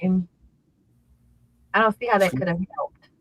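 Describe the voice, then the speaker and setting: A woman's voice: mid-range voice, a little slow, a bit bright, poor audio. A woman co-hosting a live talk show, chatting casually and teasing the host with dry comebacks. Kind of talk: casual chat.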